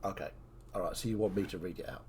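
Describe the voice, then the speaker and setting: A man's voice: low-pitched, fast talker, darkish tone. A man narrating a tabletop game as its game master, in easygoing talk with plenty of fillers.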